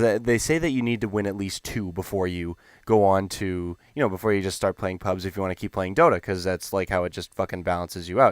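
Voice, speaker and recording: A young man telling a gaming story in a rambling, animated, profane way. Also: low voice, smooth, no echo. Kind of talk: casual storytelling.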